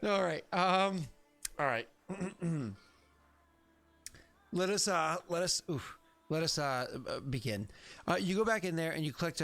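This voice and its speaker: A man's voice: fairly high pitch, fairly bright tone. A man acting as game master on a streamed tabletop game, rambling and playful with many fillers.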